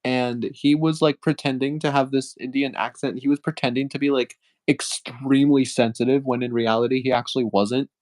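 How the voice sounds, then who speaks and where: A man's voice: mid-range voice, fairly even intonation, fairly quick, hardly any pauses, darkish tone. A young man chatting casually with a friend on stream, rambling through a story and giggling often.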